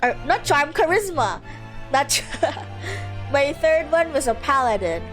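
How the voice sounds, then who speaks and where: A chatty woman streamer giggles and banters casually with her friends while she plays. Her voice is high and bouncy. Game music plays behind her. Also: big pitch swings, measured pace, fairly bright tone.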